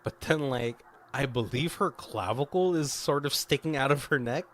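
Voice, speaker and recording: Animated man retelling a film, laughing. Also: medium pitch, normal speed. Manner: animated retelling, acts out lines from scenes, laughs often. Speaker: podcast co-host. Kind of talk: casual film commentary chat.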